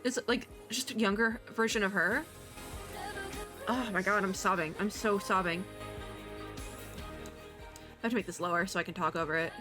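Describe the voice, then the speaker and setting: A woman giving casual, excitable reaction commentary as a VTuber, chatty and gushing. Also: mid-range voice, normal speed, pauses often. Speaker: VTuber reacting to an animated short. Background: faint music from the video.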